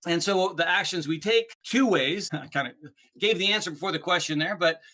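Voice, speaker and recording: A man, a guest on an interview podcast, explaining ideas in an animated, chatty way and often checking in with "right?". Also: high voice, a little fast. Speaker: podcast guest, speaker on neuroplasticity. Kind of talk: casual interview chat.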